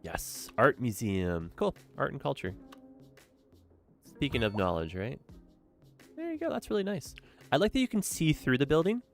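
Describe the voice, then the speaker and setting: A man's voice: medium pitch, big pitch swings, normal speed, creaky, pauses often, faint music behind. A young man commenting casually on a city-building game as he streams it, upbeat and chatty, often tagging his sentences with "eh". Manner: chatty, upbeat, tag questions with "eh". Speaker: gaming streamer. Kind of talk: casual let's-play commentary.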